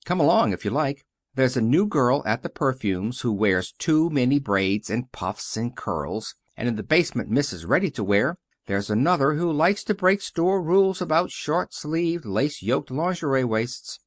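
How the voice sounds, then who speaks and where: A man reading the part of a brisk, frank middle-aged woman who runs a department store, in a chatty, decisive way. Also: mid-range voice, lively intonation, no echo, clean studio sound, natural voice.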